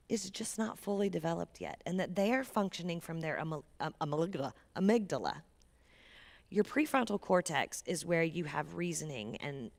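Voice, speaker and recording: Gravelly low-voiced woman giving parenting talk. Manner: earnest, conversational, drops to a near whisper for emphasis. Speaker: guest speaker. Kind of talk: parenting talk to a church audience.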